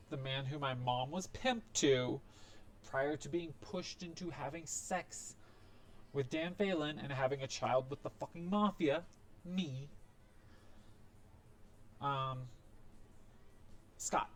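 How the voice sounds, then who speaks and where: A man speaks straight to his audience in a loose, unscripted monologue, his voice sitting a little higher than most men's. He is blunt and full of profanity. He wanders through asides and fillers as he talks. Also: slight background noise. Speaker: video creator telling a personal story. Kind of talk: casual monologue to camera.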